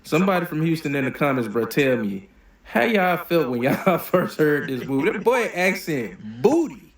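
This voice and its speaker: Blunt animated man reacting to movies. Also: a little high, moderate pace, reverberant. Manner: blunt, profane, animated opinions. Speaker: reaction video host. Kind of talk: casual movie reaction commentary.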